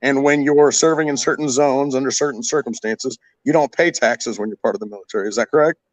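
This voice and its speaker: A man's voice: mid-range voice, fast, dry recording, low-quality recording. A man in a heated casual podcast debate, exasperated, swearing and repeating himself. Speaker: podcast panelist.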